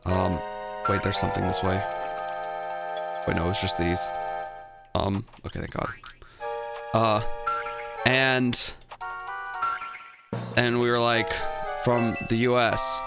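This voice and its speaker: A man's voice: on the low side, level tone, takes it slowly, vocal fry, pauses often. A man from Tennessee with an American accent, telling a rambling story while distracted by the game he is playing. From Tennessee, USA. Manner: rambling, distracted by gameplay, many fillers. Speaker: streamer. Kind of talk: casual storytelling while gaming. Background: game music.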